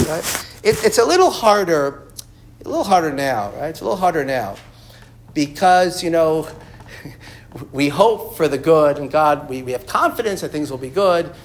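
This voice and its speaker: Man teaching a Torah class, slightly high voice. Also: very animated, normal speed, creaky. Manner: reads Hebrew and Aramaic sources and translates them line by line; restarts and repeats words often while explaining.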